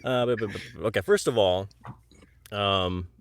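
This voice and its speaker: A man appearing as a guest author on a video call, making up a comic story on the spot with animated restarts. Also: fairly low pitch, a little slow, clear, resonant tone.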